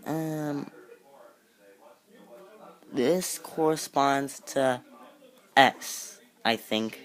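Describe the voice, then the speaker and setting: A man walks through an alphabet lesson at a slow, easy pace. He talks casually, breaks off to correct himself and drops playful asides between points. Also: mid-range voice, a bit bright. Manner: unhurried, self-correcting, with jokey asides. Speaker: amateur teacher.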